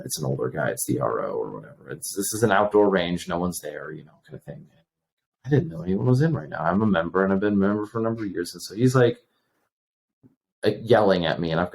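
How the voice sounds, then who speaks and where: A man's voice: low-pitched, gravelly. A man in his thirties, a podcast guest, casually telling stories and acting out the exchanges with lots of restarts. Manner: animated, acts out quoted exchanges, many restarts. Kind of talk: casual storytelling.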